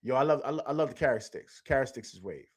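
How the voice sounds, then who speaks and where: A man's voice: mid-range voice, lively intonation, fast talker, slightly rough. A man hosting a live stream, chatting casually in slang, repeating himself and answering viewers from the chat. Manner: loose slangy talk, repeats himself, reads chat aloud.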